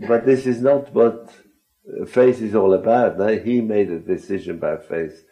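A man's voice: on the low side, a little slow, dark tone, rough recording. A man leading a group Bible discussion, earnest and often posing questions to his listeners. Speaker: Bible study speaker.

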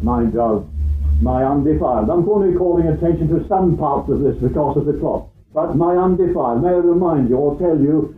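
A man preaching a sermon in an earnest way, often repeating phrases and asking rhetorical questions. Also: on the high side. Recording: tinny phone-like sound in an echoey hall.

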